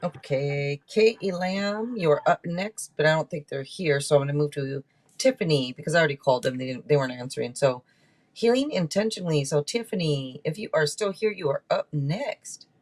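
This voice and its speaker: A woman's voice: deep voice, brisk. A woman hosting a live tarot stream, chatting casually and rambling through card meanings. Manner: chatty and rambling, with many restarts.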